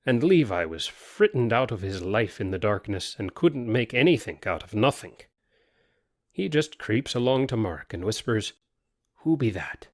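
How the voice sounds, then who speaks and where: A man reads a folk tale aloud in a folksy rustic dialect. His pitch rises and falls a lot, and the voice sounds dry and close to the mic. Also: normal speed, dry recording. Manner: lively rustic dialect storytelling. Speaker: narrator. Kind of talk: storytelling reading.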